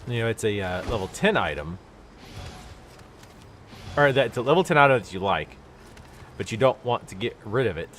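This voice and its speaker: A man's voice: lowish voice, animated, normal speed, pauses often, fairly bright tone, slight background noise. Stuffy-nosed guy streaming a game. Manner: rambling, explanatory, with many fillers. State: stuffy nose. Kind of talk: casual let's-play commentary.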